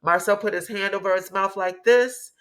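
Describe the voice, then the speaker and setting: A woman hosting a commentary show, recapping a reality TV scene in an animated, sassy way and acting out what people said. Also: medium pitch, moderate pace. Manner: animated retelling, acts out quotes, sassy asides.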